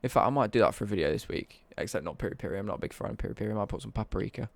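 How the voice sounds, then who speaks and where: A man's voice: lowish voice, expressive, very fast, creaky, no echo. A young British man ranting on a casual live stream, sweary and worked up.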